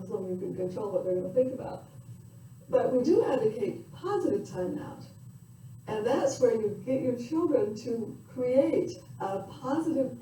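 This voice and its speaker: An older woman giving a parenting lecture in a reflective, conversational way, pausing with fillers. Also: medium pitch, dark tone. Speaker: parenting educator. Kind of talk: recorded lecture. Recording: echoey room from far off with faint noise.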